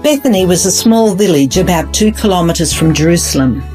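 A woman reading a scripted devotional Bible story in a measured, earnest way. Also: lowish voice, lively intonation, over music. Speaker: devotional narrator. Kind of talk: scripted devotional narration with prayer.

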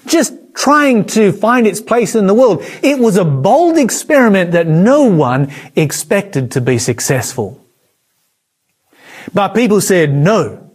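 Man, preacher, husky, emphatic sermon delivery, lively pitch. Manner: dramatic, emphatic delivery with sweeping pitch swings. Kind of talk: prophecy sermon.

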